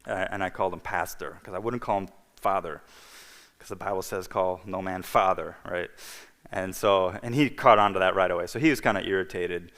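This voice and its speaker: A man's voice: deep voice, brisk, fairly bright tone. A man giving a personal testimony as a guest speaker in church. He tells his story in a storytelling manner, acts out each person's lines, and often checks in with "okay?" and "you know". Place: church hall. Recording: livestream with long hall reverb.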